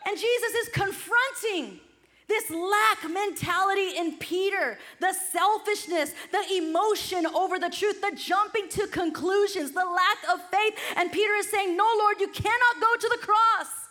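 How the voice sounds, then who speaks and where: Woman preacher, energetic exhortative sermon, high voice, bright and forceful. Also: normal speed. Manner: energetic, exhortative, rising to shouts.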